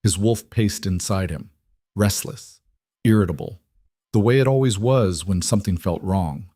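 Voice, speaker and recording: A low-voiced man narrates a scripted story in a steady, measured way, recorded with clean studio sound and no room sound.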